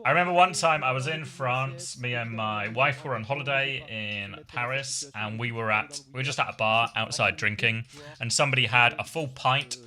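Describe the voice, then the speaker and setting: A man's voice: mid-range voice, normal speed, sharp tone. An English man streaming esports, chatting casually with his chat in a self-deprecating way and calling play-by-play.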